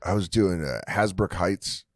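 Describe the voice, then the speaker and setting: A man's voice: deep voice, a little slow, no echo, studio quality. A man, a comedian guest on a podcast, telling road stories in casual chat and acting out hecklers' voices. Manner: animated, acts out hecklers' voices.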